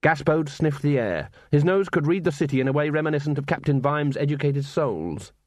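A man's voice: fairly high pitch, lively intonation, fairly quick, darkish tone, dry recording. Man reading a novel aloud, dry sound. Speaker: audiobook narrator. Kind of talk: scripted narration. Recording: dry close studio sound.

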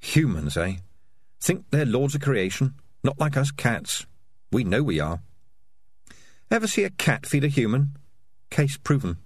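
A man's voice: medium pitch, very animated, a little slow, long pauses, breathy edge, no echo. A man voicing a sly, self-serving talking male cat with a chatty, shifty manner, in a storybook reading. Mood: wry.

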